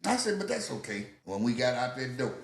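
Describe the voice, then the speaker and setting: An older man tells stories about his youth in a casual podcast, voicing other people, swearing freely and laughing a lot. His medium-pitched voice is very animated and fairly quick. The recording has an echoey room sound.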